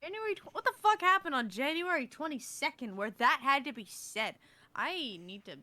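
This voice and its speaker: A woman's voice: high-pitched, lively intonation, moderate pace, pushed and bright. Rambling, swearing podcast woman. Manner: rambling, laughing and swearing often; reading aloud from an old notebook. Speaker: podcast co-host. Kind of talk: casual chat.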